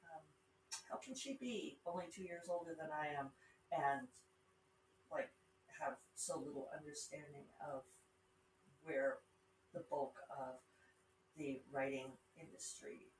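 A deep-voiced middle-aged podcast host and self-published author with a Rocky Mountain accent speaks a little slowly, pausing often. She rambles casually and digressively, adding wry asides, in a roomy, distant recording with faint ambience and slight background noise.

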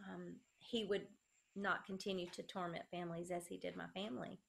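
Gravelly-voiced woman giving testimony. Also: lowish voice, flat delivery, a little hiss or hum. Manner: earnest, slow, reads a letter aloud. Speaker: guest sharing her testimony. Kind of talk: emotional personal testimony.

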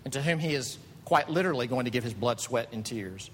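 A man preaching a sermon as pastor, animated, climbing to emphatic high peaks. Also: fairly quick. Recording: reverberant hall with faint rumble.

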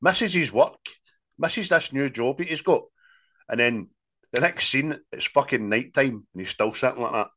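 A man's voice: medium pitch, normal speed. A Scottish man co-hosting a casual film review chat, telling the plot with swearing and laughter. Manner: sweary, laughing, animated retelling. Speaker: podcast co-host.

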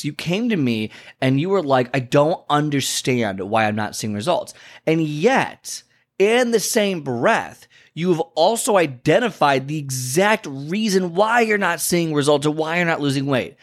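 A man who works as a fitness and health coach, talking casually to camera about why people miss their goals. He tells stories animatedly, keeps checking in with "okay?" and "you know", and jumps up in pitch when he acts out conversations. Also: a little slow. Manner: animated storyteller, acts out clients and himself with big pitch jumps. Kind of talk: casual talking-head advice.

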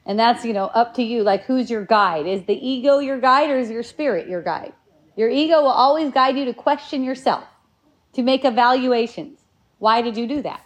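Woman, fairly high voice, casual reflective spiritual talk, meandering with frequent restarts. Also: normal speed. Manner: rambling and reflective, with many restarts.

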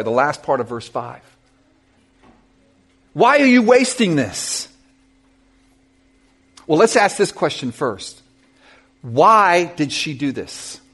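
Animated husky-voiced preacher man. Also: fairly high pitch. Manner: animated storytelling preacher, asks the congregation questions. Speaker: pastor. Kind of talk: sermon.

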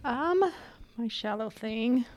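A woman co-hosting a podcast, supportive and quick to finish her friend's sentences. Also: a little high, animated, slight background noise. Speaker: podcast co-host. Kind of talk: casual chat.

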